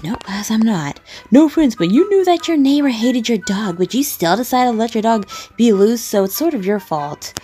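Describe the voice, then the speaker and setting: A woman's voice: fairly high pitch, expressive, normal speed, dark tone, faint music behind. A woman reacting to comments in casual commentary, blunt, indignant and profane. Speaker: video creator reacting to comments.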